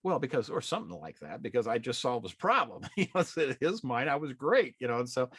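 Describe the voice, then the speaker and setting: A man's voice: mid-range voice, sing-song, fast, hardly any pauses, a bit bright, breathy edge, no room sound, clean studio sound. A middle-aged man, a real estate exam prep instructor, telling an anecdote in a folksy, conversational way and acting out the dialogue. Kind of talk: anecdotal storytelling in a live class.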